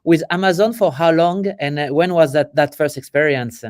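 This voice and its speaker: A man's voice: on the high side, normal speed, clean tone. A man with a French accent co-hosting a casual livestream chat, talking freely with frequent restarts and self-corrections. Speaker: co-host.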